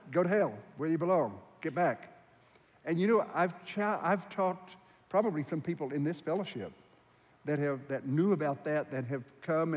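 Earnest preacher man in a reverberant hall. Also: a little high. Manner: earnest and emphatic, drawn-out stressed phrases. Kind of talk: sermon.

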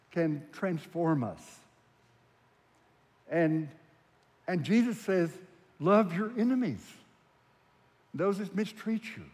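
A man's voice: on the high side, darkish tone. A man preaching a sermon, earnest and emphatic, stretching out the phrases he stresses. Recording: long hall reverb.

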